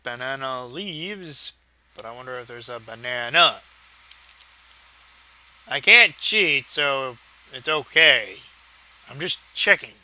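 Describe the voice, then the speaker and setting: A man's voice: mid-range voice, expressive, takes it slowly, pauses often, bright, forceful tone. A man rambling through let's-play game commentary, swearing casually and talking to himself and his viewers. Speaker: gaming video host.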